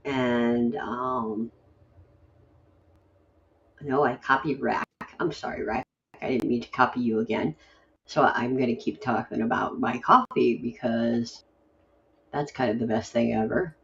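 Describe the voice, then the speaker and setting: A woman's voice: rumbling low, steady tone, measured pace, long pauses, highs cut off, slight background noise. A woman hosting a late-night poetry stream, chatting casually in a rambling, grumbly, self-deprecating way. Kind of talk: casual chat.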